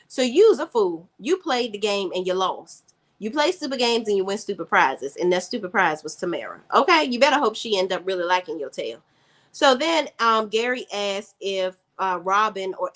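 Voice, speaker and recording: A woman's voice: on the high side, a bit bright. A woman giving a sassy, opinionated recap of a TV episode, switching into quoted lines of dialogue. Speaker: TV show reviewer. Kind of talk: casual recap and commentary.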